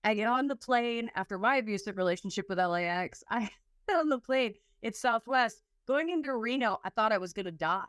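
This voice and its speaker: A woman's voice: on the high side, expressive, a little fast, fairly bright tone, no room sound, clean studio sound. A woman hosting a podcast in casual chat, telling a story with lots of laughter and acting out her own reactions. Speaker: podcast host.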